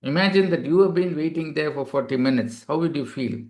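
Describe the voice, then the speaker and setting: A man's voice: a little high, a little fast, darkish tone. Man lecturing in a webinar, many fillers. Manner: explanatory, many "you know" fillers. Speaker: doctor giving a webinar.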